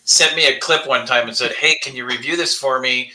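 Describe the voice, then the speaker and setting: A man's voice: mid-range voice, a little fast, pushed and bright, low-quality recording. A man, a paranormal investigator, telling blunt, swearing stories in a casual panel chat over a video call. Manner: blunt storyteller, swears freely.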